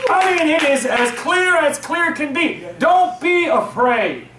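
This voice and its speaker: Man, pastor, animated sermon with jokes, very high voice, echoey church heard from afar. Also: slow pace, crowd noise, noisy background. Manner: animated preaching, joking with the congregation. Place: church sanctuary, at the pulpit. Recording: echoey room, voice from far off.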